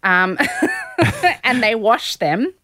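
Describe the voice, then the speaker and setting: A woman's voice: fairly high pitch, very animated, very slow, noisy background. A young woman hosting a podcast, casually recapping a show with sarcastic asides and acted-out quotes. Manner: sarcastic storytelling, acting out quotes. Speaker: podcast host.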